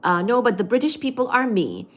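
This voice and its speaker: A woman's voice: fairly high pitch, sing-song, fairly quick. A woman hosting a livestream, reading viewers' chat comments aloud and answering them in a playful, affectionate way. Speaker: livestream host.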